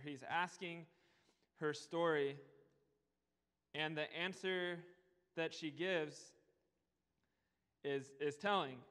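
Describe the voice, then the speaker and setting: A man's voice: a little high, a bit bright, clean tone. Man preaching in an echoing hall. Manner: earnest, slows down to stress key words. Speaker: pastor. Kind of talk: sermon. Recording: long hall reverb.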